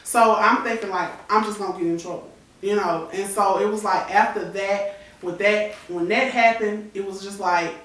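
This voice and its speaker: A woman's voice: medium pitch, fairly even intonation, moderate pace, fairly bright tone. A woman in her thirties candidly recounting a painful personal story on a talk show, acting out the people she quotes. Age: 30s. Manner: candid, tearful retelling with acted-out quotes. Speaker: guest. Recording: echoey room, voice from far off the mic.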